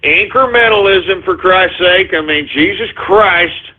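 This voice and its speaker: A high-voiced man hosts a talk radio show, firing off a profane, exasperated rant that keeps jumping into shouts. The sound is thin and tinny, like it comes over a phone line. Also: unhurried. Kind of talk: ranting talk radio monologue.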